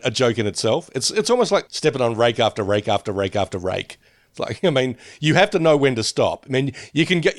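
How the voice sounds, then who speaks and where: Chatty, expressive podcast guy. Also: mid-range voice, no echo, clean studio sound. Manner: chatty, rambling, laughs often. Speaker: podcast co-host. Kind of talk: casual chat reviewing a sitcom.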